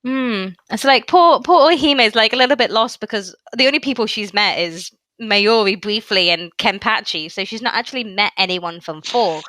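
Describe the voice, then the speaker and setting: A woman's voice: mid-range voice, moderate pace, hardly any pauses, bright, forceful tone, dry recording. A Scottish woman co-hosting a fan podcast, chatty and detailed as she explains things, laughing often. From Scotland. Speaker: podcast co-host. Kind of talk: casual chat.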